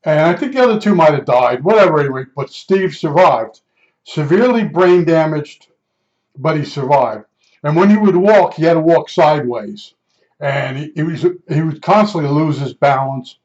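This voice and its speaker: An older man telling a rambling personal story in a spoken monologue, halting often and restarting his sentences. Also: a little high, lively intonation, a little mellow. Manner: meandering, halting, with many restarts and fillers. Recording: dull lo-fi recording.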